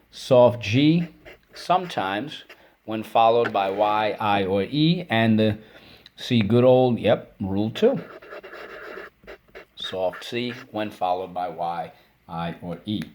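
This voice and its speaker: A man's voice: lowish voice, a little mellow, a little hiss or hum. A man teaching a spelling and phonics lesson, encouraging and repeating each word for students to say back.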